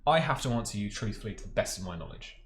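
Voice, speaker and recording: A man's voice: lowish voice, animated. Chatty game master man in an echoey room. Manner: chatty, laughing often, halting restarts. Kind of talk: running a tabletop game, casual. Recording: echoey room, faint noise.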